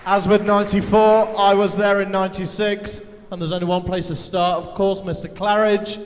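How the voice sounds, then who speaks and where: A man's voice: sits high, level tone, moderate pace. A man hosting a live interview on stage, putting chatty questions to guests. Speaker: event host, interviewer. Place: large arena stage. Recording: long reverb of a big hall, faint noise.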